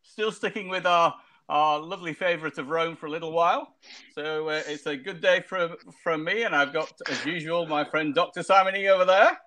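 A man's voice: fairly high pitch, brisk, bright, forceful tone. A man hosting a casual wargaming chat over a video call, rambling and joking with lots of restarts. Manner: jokey, rambling with many restarts. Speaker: wargaming show host.

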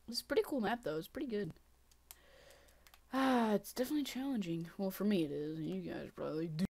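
A woman talking casually over her own gameplay as a channel host. She keeps up a stream of half-whispered grumbling to herself. Every so often it breaks into sharp, exasperated exclamations. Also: mid-range voice, normal speed, long pauses. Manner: mutters and whispers to herself, with sudden frustrated outbursts.

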